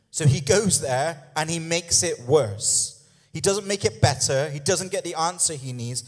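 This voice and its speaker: A man's voice: a little high, measured pace. Conversational male preacher in a reverberant hall. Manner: conversational, humorous asides, frequent "yeah?" and "okay?" check-ins. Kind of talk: sermon.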